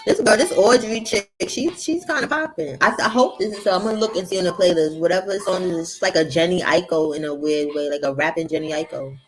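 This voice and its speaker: A woman's voice: lowish voice, quick pace, few pauses, soft background music, rough recording. Slangy, casual woman hosting a livestream. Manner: loose, slangy and profane, chatting to viewers. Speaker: livestream host.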